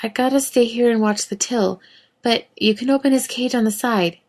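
A woman voicing an awkward young female pet store clerk who lisps and reads haltingly from a script. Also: fairly high pitch, darkish tone, pitched above the performer's own voice. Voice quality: lisping, slurping. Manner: hesitant, reading from a script.

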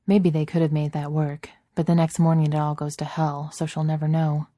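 Low-voiced woman reading a story aloud. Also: flat delivery, brisk, dark tone, no room sound, studio quality. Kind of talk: reading fan fiction aloud.

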